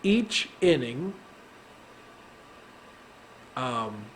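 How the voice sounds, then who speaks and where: Slow rambling man with faint hiss. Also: medium pitch, very animated, fairly bright tone. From Texas. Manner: rambling, swears freely, laughs often. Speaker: podcast host. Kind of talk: casual chat.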